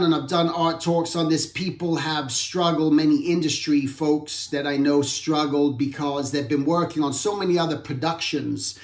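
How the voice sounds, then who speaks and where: A man with a somewhat high voice hosts a relaxed art talk, thinking out loud and often restarting his sentences. The sound is roomy and echoey. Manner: rambling, reflective, self-correcting. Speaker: artist hosting an art talk. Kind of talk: casual talk.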